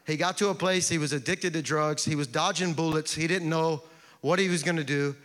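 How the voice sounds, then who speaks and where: A pastor delivers an impassioned sermon in a high, bright male voice. He builds through repeated refrains, and the sound rings out with a long reverb from a large church sanctuary. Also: steady tone, a little fast.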